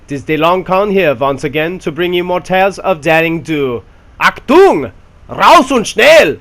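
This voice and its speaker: A man's voice: high voice, sing-song, a little slow, pitched above the performer's own voice, heavily acted. A man putting on an exaggerated fake German accent as a theatrical tank commander barking greetings and orders. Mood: boisterous. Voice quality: loud, theatrical, shouting commands.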